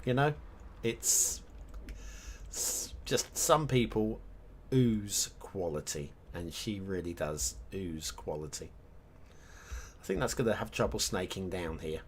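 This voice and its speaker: With a low, expressive voice and a measured pace, a man chats casually on a live game stream while making a map, a slight hiss or hum audible. He wanders between topics and hums and mutters to himself during the work.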